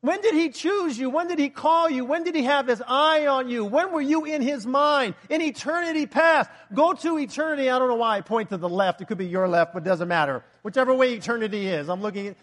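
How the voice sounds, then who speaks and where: A man preaching a sermon, animated and joking, firing rhetorical questions at the congregation and breaking into loud bursts. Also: extremely high pitch, brisk, hardly any pauses.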